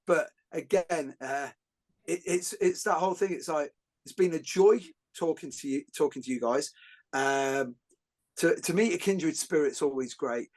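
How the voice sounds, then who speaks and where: A middle-aged man, hosting a podcast and telling jokey stories in a lively, rambling way with many fillers and restarts. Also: a little high, measured pace. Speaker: podcast host. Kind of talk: casual podcast conversation.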